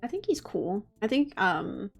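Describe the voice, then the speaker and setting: A woman's voice: mid-range voice, sing-song, measured pace, creaky, husky, soft background music. A woman chatting casually on a stream, talking in loose runs with many fillers and restarts. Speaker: guest. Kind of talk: casual chat.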